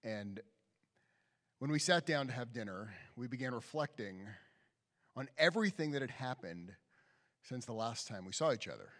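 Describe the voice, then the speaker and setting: Male rabbi, conversational sermon, very expressive pitch, long hall reverb. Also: normal speed, pauses often. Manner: conversational storytelling, animated.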